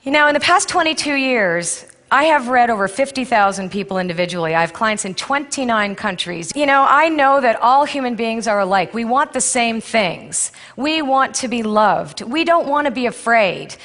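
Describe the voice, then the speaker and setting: Speaking from a stage in a large hall, a middle-aged intuitive counselor and speaker delivers a candid conference talk full of stories, laughing often with her live audience. Her fairly high, fairly bright voice is expressive, moving at a moderate pace with few pauses, under a long hall reverb.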